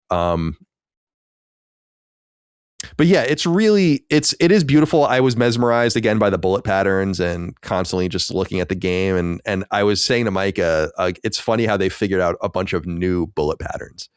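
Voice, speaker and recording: Fast-talking man, casual podcast chat. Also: fairly low pitch, clean tone, no room sound, clean studio sound. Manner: rambling, many restarts and fillers. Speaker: podcast co-host.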